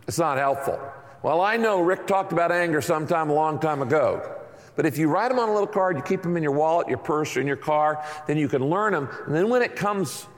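A middle-aged man preaching in a conversational, talk-it-through manner, his voice sitting a little high for a man. His sermon rings out with the long reverb of a large church hall. He now and then slips into acted-out asides in other people's voices. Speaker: pastor.

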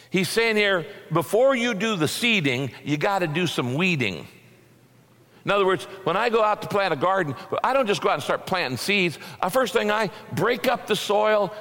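A middle-aged pastor preaching a sermon in a folksy, conversational way. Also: male voice, fairly high pitch, a bit bright. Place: church sanctuary. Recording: long reverb of a large hall.

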